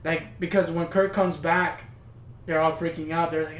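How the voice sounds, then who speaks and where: A man's voice: a little high, fairly even intonation, moderate pace, fairly bright tone. A man co-hosting a casual movie review, retelling scenes with laughs and acted-out quotes. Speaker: podcast co-host. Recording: echoey lo-fi room with faint noise.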